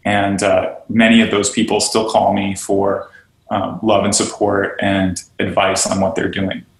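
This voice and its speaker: A man's voice: lowish voice, flat delivery, unhurried. A man being interviewed on a podcast, talking earnestly and animatedly about teaching and belonging, often acting out the voices of the people he quotes. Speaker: guest, yoga studio owner and teacher trainer. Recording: roomy echo.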